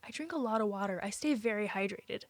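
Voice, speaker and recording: A young woman streaming live, chatting casually with viewers and reading their messages, emotional and quick to say she will cry. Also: medium pitch, dry recording.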